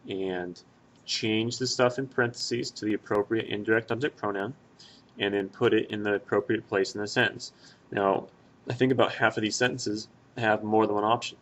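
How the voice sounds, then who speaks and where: A man's voice: fairly low pitch, steady tone, fairly quick, a bit bright. A young man teaches a grammar lesson over a screen recording. He talks it through methodically, pointing at each example in turn. His tone stays plain and easygoing. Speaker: Spanish teacher.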